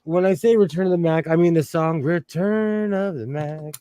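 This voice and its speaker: A man's voice: fairly high pitch, normal speed, mellow, slight background noise. A middle-aged man hosting a casual sewing livestream from home, chatty and self-mocking, reading chat questions aloud.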